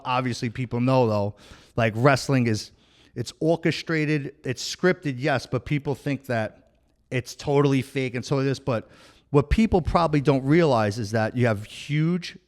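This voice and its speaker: A man's voice: mid-range voice, moderate pace. Long island guy, new york accent, swearing a lot, telling stories on a podcast. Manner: profane, storytelling, animated quoting. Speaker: podcast host. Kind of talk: casual interview chat.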